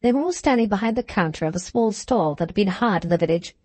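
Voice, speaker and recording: Woman narrator, audiobook reading, measured pace, mid-pitched, dry close sound. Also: lively intonation, darkish tone, no echo.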